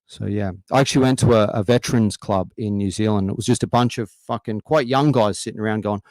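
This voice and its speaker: Swearing Australian comedian, low dry voice. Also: male voice, quick pace, few pauses, a little mellow, dry recording. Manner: swearing, rambling, conversational storytelling. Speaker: stand-up comedian. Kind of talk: stand-up set on a livestream.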